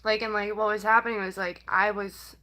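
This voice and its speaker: On rough audio, a young woman vlogger speaks at medium pitch with a level, sharp tone. She talks casually to camera in a halting, rambling way stuffed with "like" and "um," and is sometimes close to tears.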